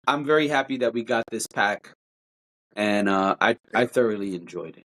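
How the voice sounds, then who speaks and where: A podcast co-host whose pitch swings widely. The delivery is animated and opinionated, with a playful teasing edge. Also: normal speed. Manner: animated, jumps pitch to mimic singers. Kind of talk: casual podcast chat.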